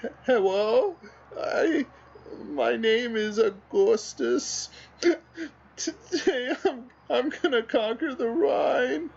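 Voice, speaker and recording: A man voicing a weeping male cat emperor from a meme, with a high sobbing wail. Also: takes it slowly, gravelly, a little mellow, slightly rough, highs cut off, exaggerated voice.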